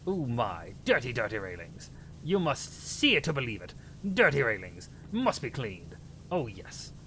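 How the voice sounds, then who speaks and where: A man voicing a pompous mock-posh British gentleman in an exaggerated put-on British accent, with a theatrical, drawn-out delivery. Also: medium pitch, big pitch swings, slight background noise, pitched below the performer's own voice. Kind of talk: comic impression on a livestream.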